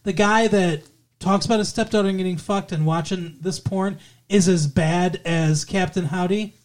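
A podcast co-host casually takes apart a horror film, swearing freely and meandering with lots of fillers and restarts. The medium-pitched voice has fairly even intonation and a normal pace.

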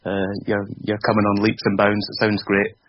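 A good-humoured man guesting on a football podcast, chuckling and pausing on fillers as he talks. His voice sits a little low. The remote audio is dull, lo-fi and carries faint noise. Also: completely flat delivery. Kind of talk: casual podcast chat.

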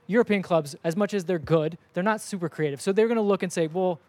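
A man's voice: high-pitched, quick pace, no echo. A man co-hosting a casual sports podcast, talking animatedly and acting out what others say. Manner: animated, acts out quoted voices.

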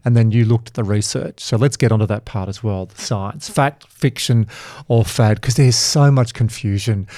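A man hosting a podcast, telling stories in a lively way and swearing freely in casual conversation. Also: lowish voice, moderate pace, dry recording, studio quality. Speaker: podcast host.

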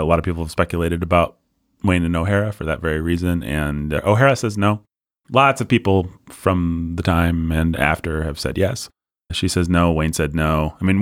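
Deep-voiced man chatting about films. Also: dry recording, studio quality. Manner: animated storyteller, slips into voices. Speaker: podcast co-host. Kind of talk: casual film discussion.

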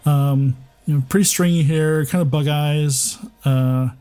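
Halting slow-talking man game master. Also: on the high side, steady tone, mellow, clear, resonant tone, soft background music, poor audio. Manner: halting, many filler pauses. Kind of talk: narrating a tabletop game.

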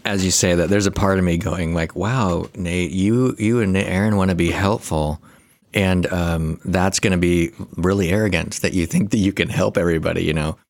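Man, low-pitched, joking, chatty, therapist co-host, dry studio sound. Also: normal speed, dry recording. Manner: jokey, laughing, quotes others in voices. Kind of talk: casual chat.

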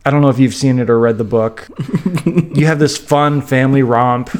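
A man co-hosting a podcast, chatting casually, animated and playful with stammering restarts. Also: mid-range voice, a little fast. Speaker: podcast co-host. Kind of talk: casual chat.

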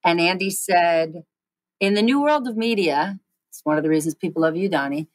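A woman in her forties, a guest in an interview, telling quick animated stories with frequent restarts. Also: fairly low pitch, no room sound, low-quality recording. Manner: animated, fast storytelling with many restarts. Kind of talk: storytelling interview chat.

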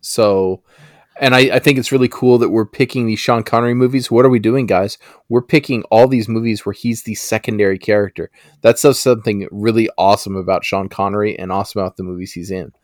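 A man co-hosting a podcast, chatting casually in a measured, hedging way. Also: lowish voice, steady tone, a little mellow, no room sound, clean studio sound. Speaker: podcast co-host. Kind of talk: casual chat.

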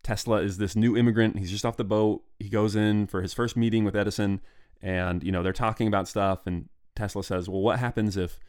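Lowish-voiced man hosting a history podcast. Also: fairly even intonation, brisk, darkish tone, clean tone. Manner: casual, musing, with restarts and asides. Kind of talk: solo podcast narration.

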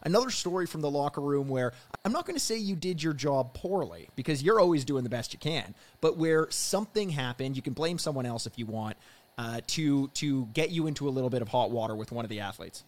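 A man's voice: medium pitch, lively intonation, fairly quick. A man hosting a podcast, asking long, rambling, teasing questions full of fillers. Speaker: podcast host. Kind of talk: casual interview.

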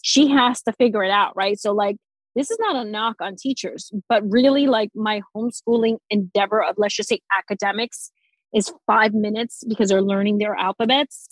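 Casting: husky-voiced woman with a New Jersey accent, blunt educator, dry close sound. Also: medium pitch, moderate pace, no room sound, low-quality recording. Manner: blunt, swears freely, animated. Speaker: forest school teacher. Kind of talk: casual podcast conversation.

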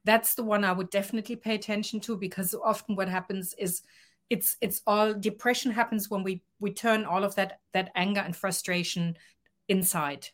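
A woman's voice: mid-range voice, fairly even intonation, normal speed. Woman coach in an interview, earnest, acts out the quotes. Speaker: guest coach. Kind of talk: podcast interview.

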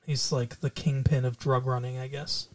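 A man's voice: medium pitch, little pitch movement, normal speed. A man co-hosting a podcast, chatting casually about a movie, rambling and hedging as he goes. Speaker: podcast co-host. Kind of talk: casual movie review chat.

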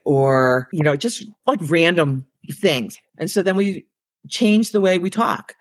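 A woman, an elementary school counselor, telling a story in casual, animated talk with lots of "like" and "you know.". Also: deep voice, normal speed, no room sound.

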